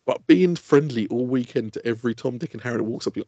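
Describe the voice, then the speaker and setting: A man, co-hosting a podcast in casual chat, animated and laughing, swearing freely. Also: medium pitch, quick pace, few pauses, no echo. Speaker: podcast co-host. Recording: dull lo-fi sound.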